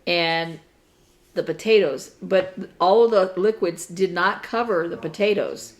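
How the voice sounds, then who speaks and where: A woman's voice: on the low side, a little slow, low-quality recording. A middle-aged woman co-hosting a crafting chat, rambling a little and hesitant as she recounts things. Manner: rambling, hesitant, with fillers and laughs. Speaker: crafting podcast co-host. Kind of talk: casual chat.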